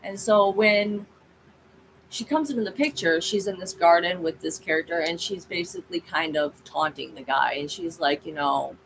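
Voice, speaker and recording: A woman's voice: fairly low pitch, normal speed, creaky, background noise. A woman hosting her own channel, chatting casually and rambling through a story with frequent asides to viewers. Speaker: channel host.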